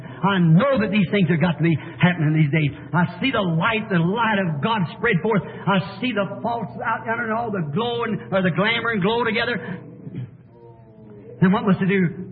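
Fiery preacher on a tinny old tape. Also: male voice, high-pitched. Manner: impassioned, swinging from quiet pleading to shouting; folksy, plain-spoken country phrasing. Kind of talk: fiery sermon. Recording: tinny, echoey old hall sermon tape.

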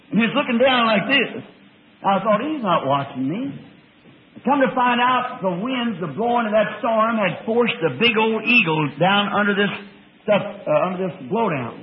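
A man preaching a folksy storytelling sermon, with a rustic drawl that breaks into excited bursts of praise. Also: high-pitched, moderate pace. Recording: old tinny lo-fi tape with faint hiss.

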